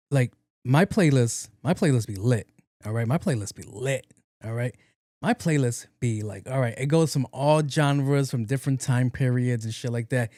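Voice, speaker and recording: A man's voice: medium pitch, dark tone, no echo, studio quality. A man hosting his own podcast alone, chatting casually in a rambling, slangy and profane way, recorded at home. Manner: rambling, slangy and profane, breaks into sung snippets. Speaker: podcast host. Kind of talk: casual solo chat. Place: home room with windows open.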